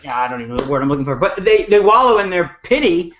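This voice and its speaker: A man's voice: on the high side, very animated, rapid-fire, a bit bright, muffled recording, a little hiss or hum. A man co-hosting a casual online chat, earnest, restarting sentences as he searches for words. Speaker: co-host.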